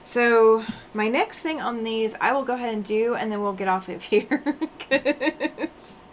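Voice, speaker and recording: A giggly, chatty woman with a fairly high voice talks casually while she works on her quilting. She laughs often as she reads out viewer comments, and she sounds a bit tired after a day on the road. A soft room hum sits faintly behind her. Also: a little slow. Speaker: quilting livestream host.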